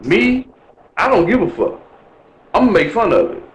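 A man's voice: high voice, sing-song, normal speed. A man talks in a loose, blunt and heavily profane way, as if ranting to a friend. His voice bounces around a lot, leaping upward when he makes a point. The recording sits in a roomy, echoey space. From Milwaukee, USA. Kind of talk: casual chat.

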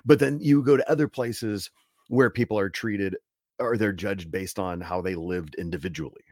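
A man's voice: low-pitched, normal speed, no echo, studio quality. A man co-hosting a casual scholarly Bible discussion, cutting in with questions and then building his own point. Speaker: co-host.

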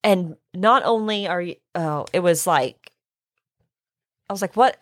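Hoarse woman telling a messy story. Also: lowish voice, unhurried, dry recording, clean studio sound. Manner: animated, acts out her own quotes, swears. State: hoarse, recovering from illness. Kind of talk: casual storytelling chat.

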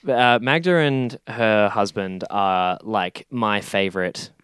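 A young man talks through a film in easygoing podcast chat, animated and quick to laugh, with a sweary edge. His voice sits low and comes through smooth and clean. The recording is close and dry. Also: no room sound. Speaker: podcast co-host. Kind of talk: casual film review chat.

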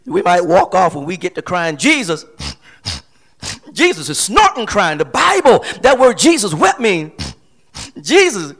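A middle-aged man from Flint, Michigan preaching a sermon, repeating phrases and building to shouts. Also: sits high, wildly swooping pitch, measured pace, pauses often. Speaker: pastor.

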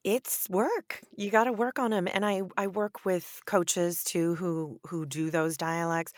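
A woman with a notably low voice, answering as an audiobook narrator. She talks with animated emphasis and laughs easily. The sound is very dry and close. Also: a little slow, no room sound. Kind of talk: podcast interview answers.

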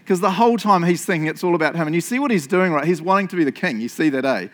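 Male preacher, sermon, lively pitch, slightly high voice, jokey, laughs often, asks listeners questions. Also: rapid-fire.

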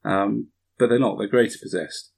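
A man's voice: on the low side, fairly even intonation, moderate pace, gravelly, darkish tone, slightly rough. A man casually chatting about a tabletop wargame, eager and often repeating himself.

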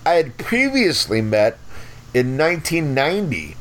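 A man's voice: a little high, big pitch swings, unhurried, fairly bright tone. Profane, rambling middle-aged man. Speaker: podcast guest. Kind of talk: casual storytelling.

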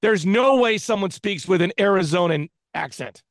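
Man, skeptical joking tone, gravelly fry, dry close mic. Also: high voice, animated, normal speed, no room sound. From California. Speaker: podcast co-host. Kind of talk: casual chat.

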